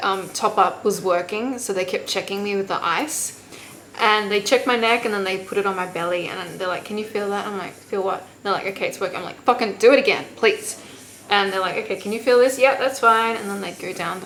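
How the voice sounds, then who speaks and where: A woman's voice: medium pitch, a bit bright, slight background noise, rough recording. Candid, swearing young woman vlogger. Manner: candid, swears freely, acts out quotes. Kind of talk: casual storytelling to camera.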